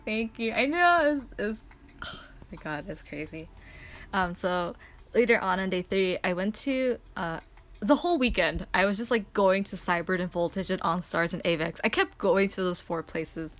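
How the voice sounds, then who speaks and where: Excitable woman rambling through a story. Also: mid-range voice. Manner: excitable, rambling, lots of "like" fillers. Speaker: streamer. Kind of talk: casual story time chat.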